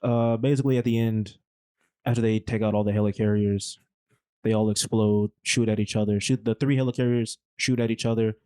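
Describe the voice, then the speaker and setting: A man's voice: on the low side, steady tone, fairly quick, dark tone, clean tone, no room sound. A man recapping a movie on a podcast, telling the plot in a rambling, slangy, casual way. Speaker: podcast co-host.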